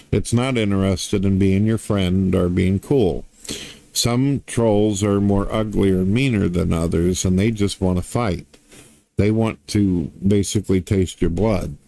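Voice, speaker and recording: A man's voice: deep voice, dark tone. A middle-aged man ranting to his viewers in a crude, blunt, swaggering way, swearing constantly. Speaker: online commentator. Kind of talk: profane rant to camera.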